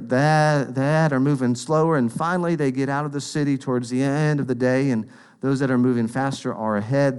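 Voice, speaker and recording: A man's voice: mid-range voice, a little mellow, smooth. A man preaching a sermon in an earnest, conversational storytelling manner.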